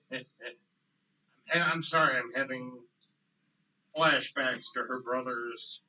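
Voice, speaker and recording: A man co-hosting a casual podcast chat, choking up and pausing often with ums. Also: mid-range voice, pushed and bright, recorded from a distance, rough recording. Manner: choked up, halting with many ums. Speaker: podcast co-host.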